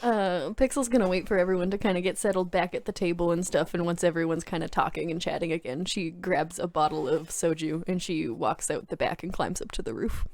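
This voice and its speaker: Female player, lowish voice, dry close sound, relaxed tabletop narration. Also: a little fast, few pauses, dry recording. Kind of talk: tabletop role-play narration.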